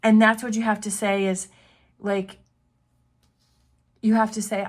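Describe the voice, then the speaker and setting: A woman's voice: mid-range voice, little pitch movement, a little slow. A woman tarot reader giving an earnest, encouraging spiritual pep talk, often repeating her phrases.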